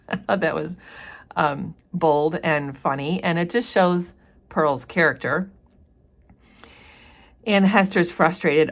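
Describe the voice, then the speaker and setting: A woman's voice: deep voice, slow, pauses often. A woman teacher chatting through a novel chapter, explaining passages with casual fillers. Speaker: literature teacher. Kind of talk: casual book commentary with read passages.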